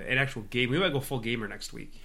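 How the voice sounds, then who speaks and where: A man's voice: medium pitch, fast talker, vocal fry, sharp tone. A man co-hosting a casual podcast who chimes in with dry, teasing one-liners. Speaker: podcast co-host. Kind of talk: casual chat.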